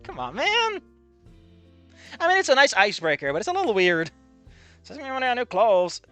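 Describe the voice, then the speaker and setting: A streamer reacts to a visual novel in a sarcastic, disbelieving way and swears often. The voice is bright and sharp, and the pitch rises and falls a lot. Soft game music plays underneath. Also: wildly swooping pitch, normal speed. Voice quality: sarcastic, incredulous, swears freely. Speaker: let's play streamer.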